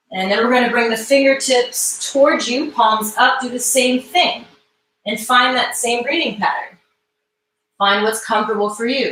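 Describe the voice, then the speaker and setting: A woman leading a live mobility class, calmly guiding movements and breath cues. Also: on the high side, a little hiss or hum. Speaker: mobility instructor. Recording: echoey room, mic far off.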